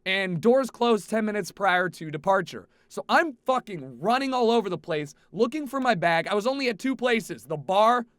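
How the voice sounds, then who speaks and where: High-voiced, animated young man ranting. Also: normal speed, hardly any pauses, no echo, clean studio sound. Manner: animated, profane, swings from exasperated shouting to low mutters. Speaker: streamer telling a travel story. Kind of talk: casual storytelling to camera. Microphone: headset.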